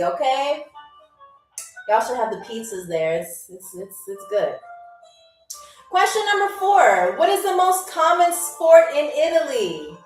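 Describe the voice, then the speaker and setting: A woman hosting a livestreamed trivia game show, chatty and upbeat, reading out viewers' comments and answers. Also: high voice. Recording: roomy echo, heard from a distance.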